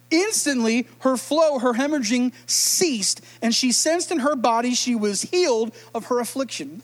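A man's voice: very high voice, moderate pace, few pauses. A middle-aged man preaching a sermon, retelling scripture with playful jokes and asides. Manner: playful, joking storyteller. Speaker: pastor.

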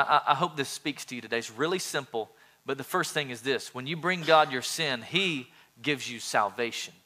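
A man preaching a sermon as a pastor, animated, with jokey asides and quick impressions of churchgoers. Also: medium pitch.

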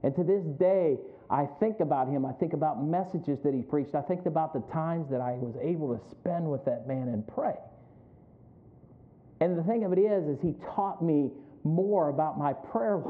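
A man preaching a sermon as pastor, moving from reflective memories to fervent exhortation and repeating lines for emphasis. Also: fairly high pitch. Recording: phone-like narrow sound.

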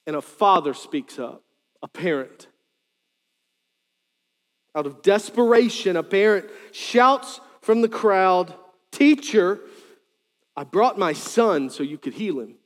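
A male pastor preaching a sermon, animated, with joking asides and sudden loud quoted lines. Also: high voice, measured pace, in a large hall.

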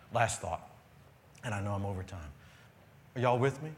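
Lively, expressive male pastor preaching. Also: on the low side, moderate pace, slight background noise. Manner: storytelling, swings from loud excited to quiet earnest. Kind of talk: sermon. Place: church sanctuary with live congregation.

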